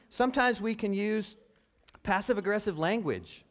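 A man delivering a sermon like a conversation, often asking his listeners questions. His pitch runs a little high for a man and moves up and down a lot. He acts out the things people say. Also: moderate pace. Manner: lively, conversational, acts out quoted speech; asks the audience questions. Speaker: pastor.

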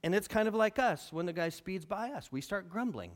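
A pastor preaching a sermon, acting out quotes and building to near shouts. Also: male voice, sits high, fairly quick. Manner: animated, acts out quotes, rises to near shouting.

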